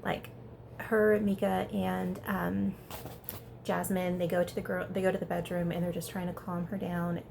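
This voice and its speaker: A woman giving a casual, chatty recap of a reality show episode, talking fast and peppering her speech with "like". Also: lowish voice, creaky, slight background noise. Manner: chatty, animated, heavy use of "like". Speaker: reality TV reviewer.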